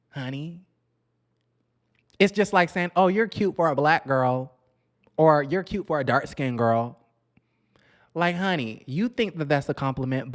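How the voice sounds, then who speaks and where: A man hosting a casual commentary vlog on reality TV, sassy and chatty, talking straight to his viewers and calling them honey. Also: a little high.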